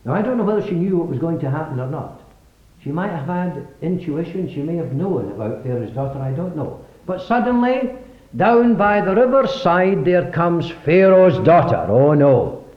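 A man preaching a sermon, emphatically questioning the congregation, with sudden swings in loudness. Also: fairly high pitch, expressive, normal speed. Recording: echoey, dull lo-fi recording.

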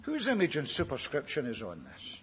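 Delivering a sermon at normal speed, a man with a higher, fairly bright voice swings hugely in pitch, telling the story dramatically and peppering listeners with rhetorical questions. The dull lo-fi recording carries hall echo and a little hiss or hum.

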